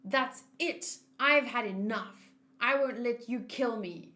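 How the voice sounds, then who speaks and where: A woman's voice: a little high, slow. A woman voicing a furious, defiant young woman who is fed up and scornful. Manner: scornful, shouting. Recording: roomy echo.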